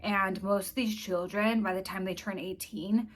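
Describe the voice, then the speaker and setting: A woman's voice: mid-range voice, fairly even intonation, moderate pace. A woman hosting her own channel, talking casually and bluntly to camera with open disgust. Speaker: commentary vlogger host.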